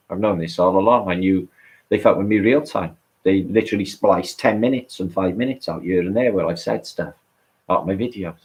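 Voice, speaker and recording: A man with a very deep voice and a British accent rambles through a casual livestream chat. He swears freely and keeps restarting his sentences. He sounds excitable throughout. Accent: British English. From England. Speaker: online show co-host.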